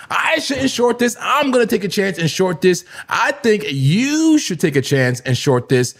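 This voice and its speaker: A man hosting a live crypto trading stream, excitable and casual, laughing often and bursting into shouts as he banters with his chat. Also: high voice, unhurried, gravelly, few pauses, faint music behind. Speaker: crypto trading livestream host. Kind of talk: hyped live trading commentary.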